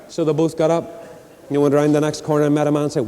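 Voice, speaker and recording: A man's voice: a little high, flat delivery, quick pace, warm tone, in a large hall. An older man with a Northern Irish accent, preaching in a folksy storytelling way and acting out the people in his tales. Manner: folksy storyteller doing voices. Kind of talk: storytelling sermon.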